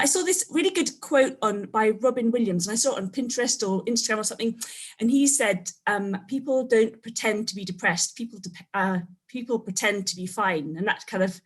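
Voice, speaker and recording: Woman guest on a chat podcast, mid-pitched, thoughtful, often ends on a tag question. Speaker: podcast guest, family historian. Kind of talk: casual conversation.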